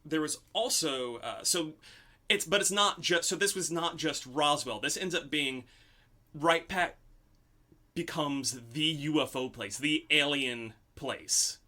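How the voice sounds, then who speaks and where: A man's voice: on the high side, slow pace, pushed and bright. A man hosting a podcast, telling a story in casual chat, full of "um" and "like". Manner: storytelling with many "um" and "like". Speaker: podcast host.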